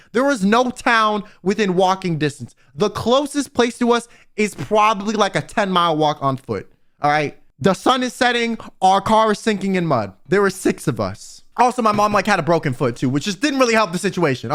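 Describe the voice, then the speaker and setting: A young man telling a wild story to his viewers in a casual, exasperated, animated way. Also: high voice, a little fast. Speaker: vtuber storyteller.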